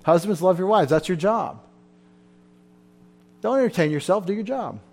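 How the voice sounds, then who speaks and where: A man's voice: high-pitched, expressive, normal speed. Fervent male preacher at a Bible study. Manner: fervent, emotional preaching with sudden loud rises. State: tired. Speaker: pastor.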